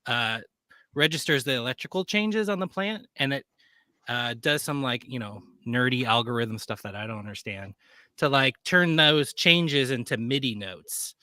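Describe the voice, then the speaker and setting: Guest man, bright dry voice, rambling and chatty with lots of fillers. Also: medium pitch, animated, moderate pace, no echo. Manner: rambling, many fillers and self-corrections. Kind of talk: casual chat.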